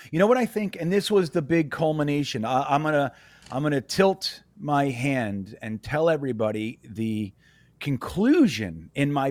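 A man's voice: a little high, no room sound. A man co-hosting a sports podcast, teasing and wisecracking in casual chat. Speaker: podcast co-host.

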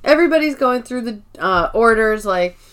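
A woman co-hosting a podcast, recapping episodes in casual, animated chat and acting out lines. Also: fairly high pitch. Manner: quick, animated storytelling with acted-out quotes. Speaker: podcast co-host.

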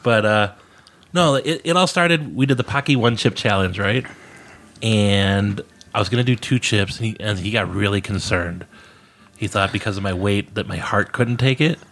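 A man with a slightly low voice tells a story in casual podcast chat. He is candid and pokes fun at himself, and a laugh keeps slipping into his words. He speaks into a podcast microphone in a room at home. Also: normal speed, a bit bright. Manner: candid, self-mocking, laughs while telling. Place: room in a house.

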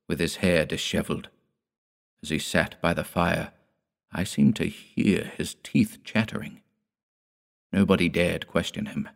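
A man reads a gothic story aloud in the first person. His voice is very deep and low. He tells it in a measured, dramatic way. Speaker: audiobook narrator.

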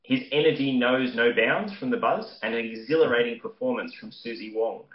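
A man's voice: mid-range voice, brisk, echoey room, highs cut off. A man hosting a podcast interview in a friendly, complimenting manner. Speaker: podcast host. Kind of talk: casual interview.

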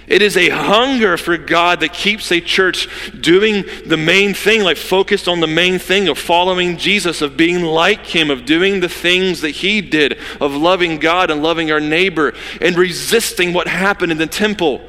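A man preaching a sermon, his bright, forceful voice ringing through a church hall with a long reverb. He swings from quiet, intimate passages to loud, urgent calls. Now and then he acts out quoted lines in a casual, conversational voice. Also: a little high, normal speed, few pauses. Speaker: pastor. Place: church sanctuary.

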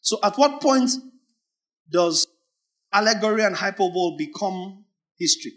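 Animated, bright-voiced male preacher. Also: high-pitched, moderate pace. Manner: rhetorical questions, teasing, animated. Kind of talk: sermon.

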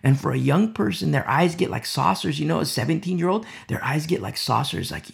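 Gravelly, animated male preacher. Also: on the high side, a little fast, hardly any pauses. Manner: emphatic, repetitive, swings from loud to hushed. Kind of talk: sermon.

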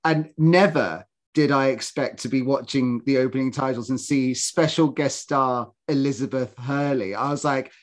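A man co-hosting a podcast in casual, animated chat, mocking people with impressions. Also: mid-range voice, moderate pace, few pauses. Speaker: podcast co-host.

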